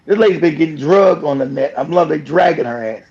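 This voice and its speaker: A man's voice: fairly high pitch, lively intonation, brisk, a little mellow. A man hosting a streamed reaction show, speaking bluntly and profanely and laughing often. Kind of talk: reaction commentary. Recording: dull lo-fi stream audio.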